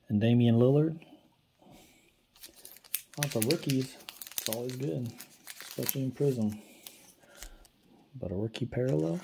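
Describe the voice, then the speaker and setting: A man opening basketball card packs on camera, commenting quietly and casually as he goes. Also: measured pace, creaky, long pauses, husky. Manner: low-key, talks quietly while handling cards.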